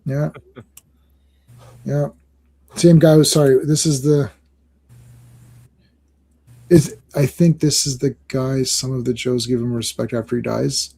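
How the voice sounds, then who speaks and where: A man hosting a comic book podcast in casual chat, excitable and rambling, often laughing and restarting his sentences. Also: mid-range voice, takes it slowly, vocal fry, long pauses.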